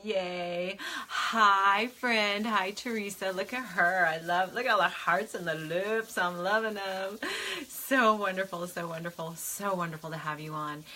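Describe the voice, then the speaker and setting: A woman hosting a live stream as a spiritual advisor, gushing and effusive, repeating her warm greetings and laughing often. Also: medium pitch. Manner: repeats words for warmth, frequent laughs. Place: indoors.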